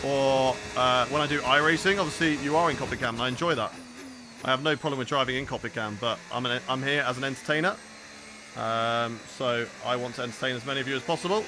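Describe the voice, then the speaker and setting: A man's voice: medium pitch, fast, background noise. A man with a southern English accent streaming a racing game, joking and chatting energetically with his viewers. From southern England. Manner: energetic, jokey, chats to viewers. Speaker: gaming streamer. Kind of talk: live gameplay commentary chatting with viewers.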